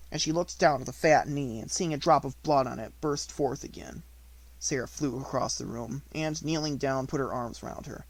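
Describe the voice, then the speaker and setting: Male audiobook narrator, measured pace, dry close recording. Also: mid-range voice, dry recording. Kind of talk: unabridged audiobook reading.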